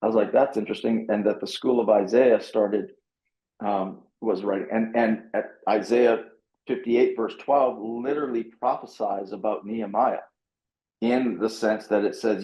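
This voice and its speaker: A man's voice: lowish voice, fairly even intonation, normal speed, mellow, echoey room, muffled recording. A man, a pastor and author, animatedly telling a story and reading scripture aloud, acting out his own reactions with a self-mocking humor.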